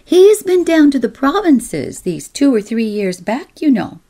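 A woman's voice: sits high, very animated, measured pace, dark tone, pitched above the performer's own voice, heavily acted. A woman voicing a whining, gossipy older village woman with a rural New England accent, rambling on in a storybook reading. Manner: whining, rambling, self-pitying.

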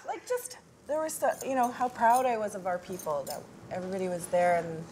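A woman's voice: mid-range voice, expressive, brisk, background noise. A woman musician chatting as a talk show guest, laughing often and speaking heartfelt. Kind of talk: casual chat. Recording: music playing behind.

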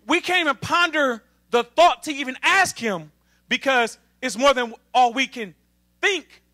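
A man preaching an emphatic sermon to a congregation, calling for responses from the pews and building up to shouting. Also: very high voice. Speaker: assistant minister.

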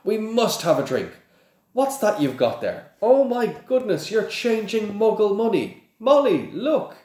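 An eager middle-aged wizard father squeaks up high in an excited, breathless way, as a man reads him aloud. The voice climbs well above the reader's low pitch. An echoey room surrounds it. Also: a little slow, lightly acted. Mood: delighted.

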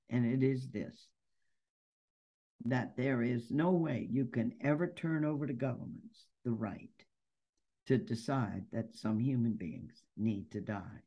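A woman's voice: extremely low pitch, warm tone, highs cut off. A nun and activist answering interview questions in an earnest, emphatic way, building her points through stories. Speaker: nun and anti-death-penalty activist, interview guest.

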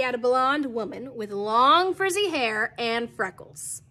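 Bright-voiced playful woman reading aloud. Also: a little high, animated, normal speed, few pauses. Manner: playful, laughs at her own slips. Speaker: teacher reading to a class. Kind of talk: reading a children's novel aloud with casual asides.

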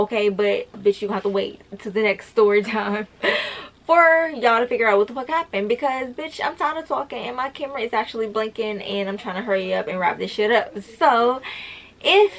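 A young woman vlogger telling a storytime video, blunt and profane, talking straight to her viewers. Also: on the high side. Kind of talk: storytime vlog.

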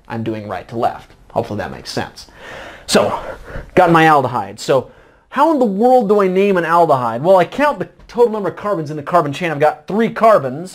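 A middle-aged man teaching chemistry at a board in a casual, folksy lecture. He keeps asking himself questions aloud and then answering them. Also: on the high side. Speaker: chemistry tutor. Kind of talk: whiteboard lecture.

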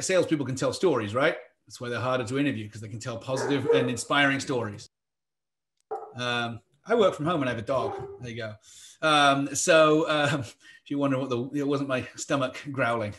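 A man presenting a virtual hiring workshop from his home office over a video call, chatty and energetic, with many fillers and restarts. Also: on the high side. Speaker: talent strategy speaker.

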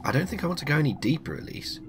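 A man's voice: a little high, very animated, very fast, over music, voice pushed up. A man voicing a frightened young village woman in a game, anxious and pleading.

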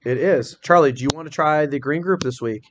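A man's voice: a little high, highs cut off. Male teacher, classroom phonics lesson, patient and questioning, faint background noise. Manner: encouraging, questioning, spells words out slowly. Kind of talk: small-group phonics lesson.

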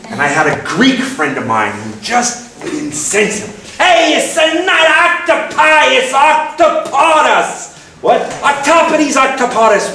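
A man giving a relaxed, self-mocking talk to a live audience, his pitch leaping around as he plays out small dialogues. He is picked up from some distance, so his voice rings through a very reverberant room with a faint hiss underneath. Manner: playful and self-mocking, acts out little dialogues. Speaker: guest speaker at a talk event. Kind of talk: casual public talk on word origins.

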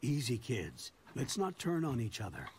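An actor voicing a calm, seasoned grandfather who leads the kids in an animated series. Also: mid-range voice, normal speed. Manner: calm, steady. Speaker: cartoon character.

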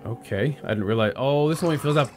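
A man playing a horror game on video, swearing a lot and reacting to every scare with sudden yelps and shouts. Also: fast. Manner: profane and jumpy, with sudden high yelps. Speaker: gaming video host. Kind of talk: let's-play commentary. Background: horror game music.

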